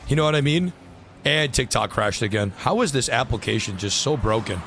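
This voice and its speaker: A man's voice: mid-range voice, lively intonation, a little fast, fairly bright tone, a little hiss or hum. A young man streaming a game live, ranting with frustration and plenty of swearing as he talks to chat.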